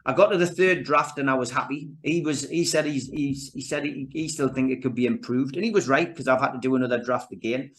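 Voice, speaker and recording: Speaking fairly quickly with hardly any pauses, this mid-range male voice belongs to a podcast guest from North East England with a Geordie accent. His talk is chatty and casual, full of restarts and "you know, mate" aimed at the host.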